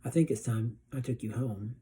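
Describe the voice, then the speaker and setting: A man voicing a gentle grandmother who is also a fairy godmother. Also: medium pitch, steady tone, moderate pace, breathy edge. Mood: warm. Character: kind grandmother fairy godmother, warm and proud.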